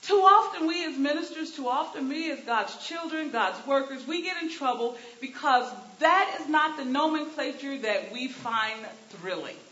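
A woman preacher delivering a sermon, swinging between hushed lines and emphatic ones. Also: high voice, animated, moderate pace, few pauses. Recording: echoey, dull sound with faint hiss.

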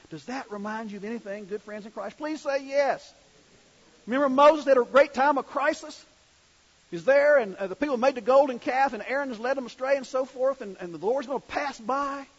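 A man's voice: extremely high pitch, brisk, slightly rough, muffled recording. A male preacher giving a sermon in a conversational way, asking the congregation questions as he reads scripture.

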